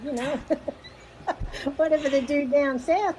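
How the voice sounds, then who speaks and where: A woman, a guest in casual chat, jokey and quick with asides. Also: high voice, darkish tone, a little hiss or hum, low-quality recording.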